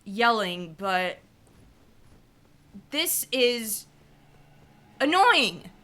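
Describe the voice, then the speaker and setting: A young woman comments on her gameplay as a streamer, frustrated and venting at a tough boss. Her voice sits high and sounds very bright. She talks at an unhurried pace and apologizes for yelling. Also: sing-song.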